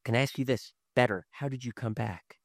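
A man, a father in his thirties, preaching a sermon, swinging from loud emphasis to hushed tones. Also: mid-range voice, fairly quick, dry recording, clean studio sound. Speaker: pastor.

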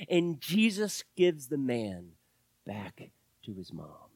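A middle-aged male pastor preaching with a very lively voice that climbs into loud exclamations and drops to near-whispered asides. He takes his time and leans on each phrase. The recording is dry and close, with no room echo. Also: mid-range voice, slow, slightly rough. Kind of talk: sermon.

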